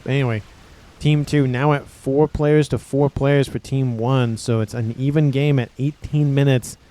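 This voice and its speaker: A man's voice: mid-range voice, fairly even intonation, normal speed, warm tone. A man giving casual play-by-play commentary on a strategy game replay, chatty and often correcting himself mid-sentence. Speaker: game caster.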